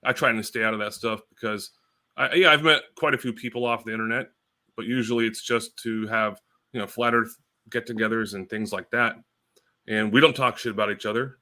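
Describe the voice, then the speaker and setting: Low-voiced, bright rambling male guest. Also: steady tone, fairly quick. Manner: rambling, filler-heavy, blunt. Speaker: podcast guest. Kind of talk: casual chat.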